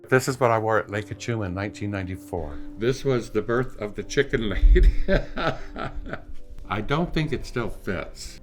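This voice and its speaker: An older man telling stories in a documentary interview, playful and animated, acting out his own past thoughts. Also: lowish voice, a little fast, hardly any pauses, soft background music. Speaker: longtime charity ride participant.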